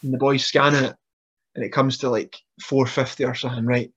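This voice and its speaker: Man with a muffled, animated voice. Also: mid-range voice, brisk, husky. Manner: animated, laughs through stories, frequent restarts. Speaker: podcast guest, wrestler. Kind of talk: casual storytelling.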